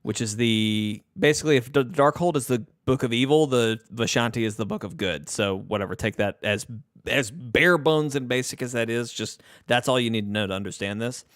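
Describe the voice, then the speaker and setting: A man co-hosting a podcast, casually recapping a film plot in a relaxed, rambling way. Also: medium pitch, brisk, few pauses, dry recording, clean studio sound. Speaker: podcast co-host. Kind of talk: casual movie recap chat.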